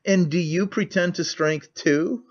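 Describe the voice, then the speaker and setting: A man's voice: high voice, a little slow, voice pushed up. A man voicing a cynical, talkative middle-aged nobleman who rambles with languid candor, on a muffled lo-fi recording.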